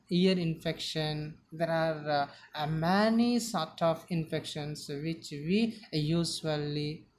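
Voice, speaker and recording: A woman teaching vocabulary, repeating each word slowly and stressing its syllables. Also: lowish voice, a little hiss or hum. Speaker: English teacher. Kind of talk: slow vocabulary lesson.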